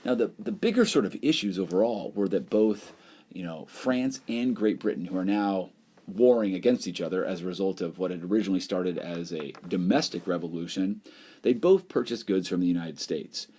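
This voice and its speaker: A man's voice: sits low, moderate pace, dark tone, husky. A man teaching a recorded history lesson over whiteboard slides, explaining in a loose, conversational way with plenty of "you know" and "um".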